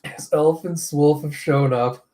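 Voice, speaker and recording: A man's voice: a little high, steady tone, slow pace, darkish tone. A man narrating a comic readthrough in a casual, chatty way, voicing sound effects as he goes.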